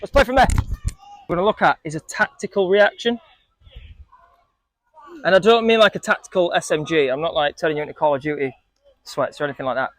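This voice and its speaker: A man's voice: on the high side, a little fast, long pauses. A man coaching a group of young football players, asking them questions and joking with them. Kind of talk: coaching talk to a group of kids.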